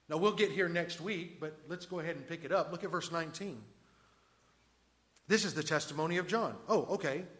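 A preacher with a high-pitched voice walks his listeners through a passage verse by verse. He talks conversationally, often asking them questions. He swings between loud emphasis and quiet asides. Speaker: pastor. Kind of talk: expository sermon.

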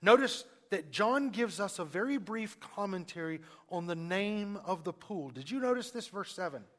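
A man preaching a sermon, who asks the congregation questions and uses dramatic pauses, moving between loud emphasis and near-hushed lines. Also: sits high, animated, in a large hall. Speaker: pastor.

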